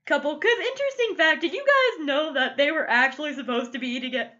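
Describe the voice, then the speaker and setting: A woman's voice: high voice, brisk, sharp tone, highs cut off, a little hiss or hum. A woman gushing casually through a TV episode review, emotional and full of "like" fillers. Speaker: TV show reviewer. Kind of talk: casual solo review vlog.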